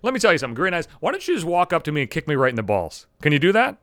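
A man's voice: on the high side, sing-song, racing, a bit bright, no echo, clean studio sound. A man hosting his own podcast, ranting in a casual comedic monologue, profane and self-mocking. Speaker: podcast host.

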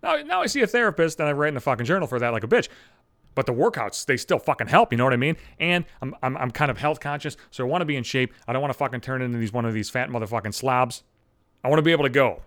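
Podcast host, man, 30s, profane animated ranter, slightly high voice, dry close sound. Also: no echo. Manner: foul-mouthed, animated ranting. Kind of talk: profane solo podcast rant.

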